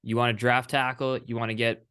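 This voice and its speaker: A man's voice: medium pitch, little pitch movement, fairly quick, bright, forceful tone, smooth. A young man co-hosting a football podcast, talking earnestly and addressing listeners directly. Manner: earnest, speeches to the audience. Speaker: podcast co-host. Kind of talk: sports talk podcast.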